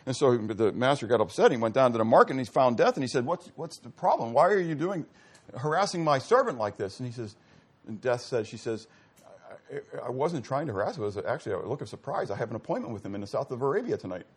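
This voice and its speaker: A man's voice: mid-range voice, sing-song, fast talker, breathy edge. A male pastor preaching a sermon, asking rhetorical questions and restarting phrases with stammers.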